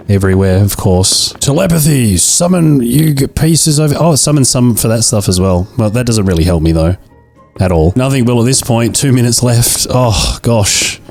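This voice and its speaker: A man's voice: fairly low pitch, darkish tone. A young man giving let's-play commentary, jokey and mock-dramatic about his own failures, with faint game music behind him. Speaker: gaming video creator.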